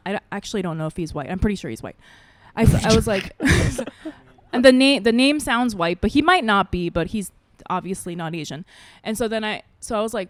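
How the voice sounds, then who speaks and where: A woman co-host tells a story in casual chat, her pitch leaping around as she acts out the people in it. Her voice sits at a middle height. The recording is close and dry. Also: fairly quick, no room sound. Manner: animated, acts out quoted people with big pitch jumps. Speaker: podcast co-host; mother.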